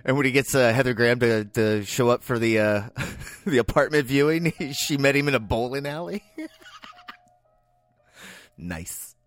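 A man's voice: mid-range voice, normal speed. A man co-hosting a casual movie-review podcast, rambling and restarting, with casual swearing. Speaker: podcast co-host.

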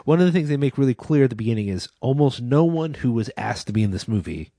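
Animated man on a film podcast. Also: mid-range voice, fast talker, dry recording, studio quality. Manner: animated, excitable storytelling with swearing and laughter. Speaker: podcast co-host. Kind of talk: casual film discussion.

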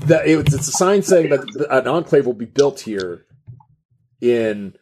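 A man's voice: mid-range voice, animated, a little slow, music in the background. A man running a tabletop game as game master, laid-back and chuckly as he narrates.

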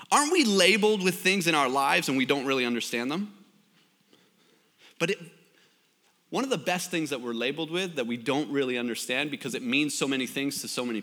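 Bright-voiced joking young preacher. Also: male voice, on the high side, long reverb tail. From Canada. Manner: joking, storytelling, self-deprecating. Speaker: pastor. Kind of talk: sermon.

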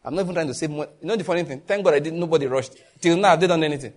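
A man with a Nigerian accent preaching a sermon as pastor, telling lively stories with quick asides and bursts of laughter. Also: fairly high pitch.

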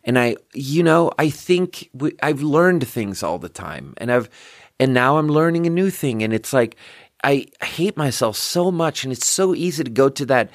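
His medium-pitched voice has a sing-song lilt and a moderate pace. A podcast host in his thirties, he goes on a loose, self-mocking comedic rant with frequent swearing and jumps in thought, captured in clean studio sound with no room tone.

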